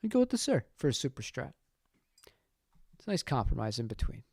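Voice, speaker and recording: A man's voice: medium pitch, very animated, a little fast, gravelly, darkish tone, breathy edge, dry recording, studio quality. A man hosting a livestream, reading and answering chat in a casual, rambling, opinionated way. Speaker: channel host answering chat.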